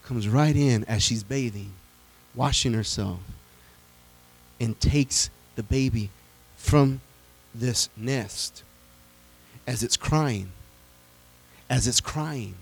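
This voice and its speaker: A man preaching a sermon, retelling a Bible story in a lively storytelling way and acting out its characters, building up to shouted praise. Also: mid-range voice, takes it slowly, creaky, long pauses, husky. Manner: animated storytelling, acts out the people in the story, rises to a shout.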